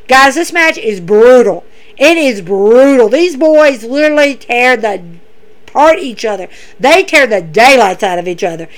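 A woman with a high voice recaps for her podcast in a loose, conversational way. She is emphatic, repeats her points and speaks directly to her listeners. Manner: chatty and emphatic, repeats herself, addresses listeners as guys. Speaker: podcast host. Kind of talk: casual wrestling recap.

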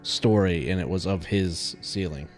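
A man's voice: sits low, a little slow, soft background music. A man co-hosting a casual podcast chat, teasing and quizzing the others. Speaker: podcast co-host.

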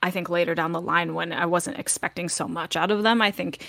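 A woman's voice: on the low side, steady tone, fairly quick, vocal fry, a bit bright, no room sound. A woman cohosting a podcast, giving opinions in a chatty, filler-heavy way. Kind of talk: casual chat.

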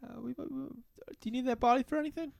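A man's voice: very high voice, fairly even intonation, fast, gravelly, slight background noise, pitched above the performer's own voice. A man voicing a shifty, creepy male bartender who talks slyly and evasively, with a laugh, in a tabletop game.

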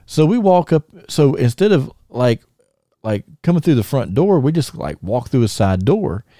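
Dark-voiced man telling stories on a podcast. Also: mid-range voice, dry recording, studio quality. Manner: animated anecdote-telling, often laughing and acting out quotes. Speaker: podcast host. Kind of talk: casual storytelling chat.

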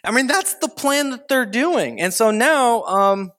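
A man's voice: very high-pitched, expressive, unhurried, a bit bright. A man preaching a casual sermon, talking conversationally and acting out quoted people with big swings in voice. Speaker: pastor.

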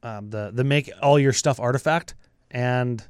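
A man co-hosting a casual card-game chat, reading rules text quickly with upbeat asides. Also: medium pitch, smooth, no echo, studio quality.

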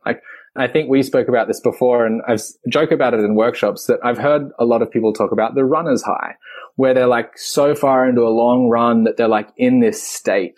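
A man's voice: medium pitch, darkish tone. A man who runs breathwork sessions, talking earnestly and enthusiastically in an interview, sometimes searching for words. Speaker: breathwork facilitator. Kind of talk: conversational explanation.

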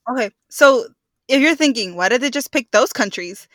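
A young woman, chatting easily as a podcast co-host. Her voice sits fairly high and the recording is dry and close. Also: expressive, moderate pace, fairly bright tone, no room sound. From Texas. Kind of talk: casual chat.

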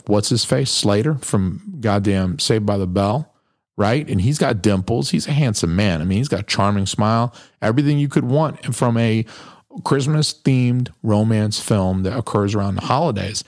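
A man's voice: lowish voice, no room sound, clean studio sound. A man hosting his podcast, talking in a crude, blunt, rambling way and swearing constantly. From New Hampshire. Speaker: podcast host. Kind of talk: profane casual monologue.

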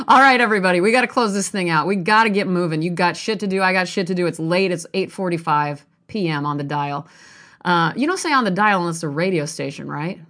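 A woman's voice: lowish voice, animated, fast talker, a bit bright. A woman chatting to her viewers from a hotel room, rambling, candid and affectionate, both tired and a little amped up. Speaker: vlogger talking to her viewers. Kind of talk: casual chat to camera.

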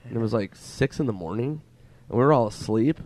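A man in casual conversation, telling an animated anecdote as a comedian guest. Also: a little fast, no room sound. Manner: animated, acts out friends' voices in a high whiny tone. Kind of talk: casual storytelling chat.

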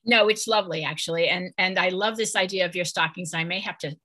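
A woman author speaking as an interview guest, friendly and eager, with quick laughs. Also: fairly low pitch, pushed and bright, a little hiss or hum. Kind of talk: casual chat.

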